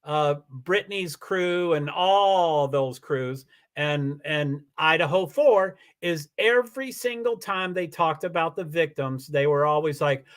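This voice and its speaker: A man's voice: fairly high pitch, unhurried, hardly any pauses, fairly bright tone, smooth. A man hosting a casual livestream, answering viewer comments in a rambling way with many restarts. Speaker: livestream host.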